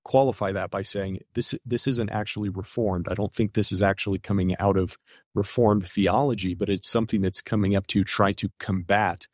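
Male guest, lowish voice, earnest and casual, hedges a lot, dry close recording. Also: fairly even intonation, brisk, no echo. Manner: casual, hedging with "kind of", earnest. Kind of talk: conversational talk show guest.

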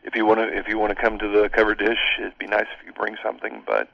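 Male radio guest, gravelly low voice, casual and quick, dull lo-fi dry sound. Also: little pitch movement, dry recording. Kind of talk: radio interview.

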